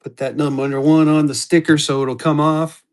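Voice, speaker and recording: Male live auction host, rambling chatty delivery, slightly high voice. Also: flat delivery, normal speed, clear, resonant tone. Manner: rambling and chatty, restarts, talks to viewers by name. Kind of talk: casual live-stream selling chat.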